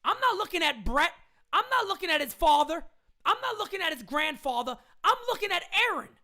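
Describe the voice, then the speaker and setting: A woman ranting loudly and indignantly into a phone camera, repeating her points as a sports fan. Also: very high-pitched, very animated, a little fast. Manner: loud, indignant, repetitive ranting. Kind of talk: live rant into a phone camera.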